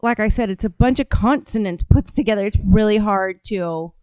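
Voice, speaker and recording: A woman's voice: medium pitch, normal speed, dark tone, clean tone, no room sound. Chatty American woman streaming live. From United States. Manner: rambling, conversational, reads viewer comments aloud. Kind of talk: casual live stream chat, reading comments. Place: home studio.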